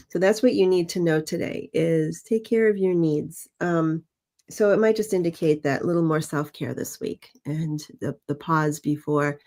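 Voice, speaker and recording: Thoughtful woman reading oracle cards. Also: sits low. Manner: thoughtful, gently questioning. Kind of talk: casual livestream chat.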